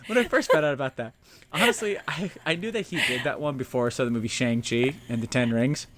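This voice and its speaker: A man's voice: medium pitch, fast, a little hiss or hum. A man co-hosting a casual comedic history podcast, swearing a lot and acting out historical figures in goofy voices. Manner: profane, animated, acts out characters in goofy voices. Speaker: podcast co-host.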